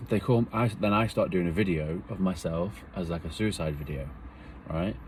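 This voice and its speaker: A man's voice: low-pitched, moderate pace, a little mellow. A man recounts a hard chapter of his life. He talks earnestly and rambles, with feeling close to the surface, and a faint hum sits behind him. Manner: earnest, rambling, emotional retelling. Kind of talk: personal storytelling.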